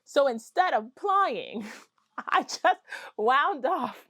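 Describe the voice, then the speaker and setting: A woman's voice: a little high, no room sound. Woman, fiber-craft vlogger; gushing, chatty, dry close sound. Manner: excitable, gushing, apologizes for screaming; chatty with many fillers. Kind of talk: casual chat to camera.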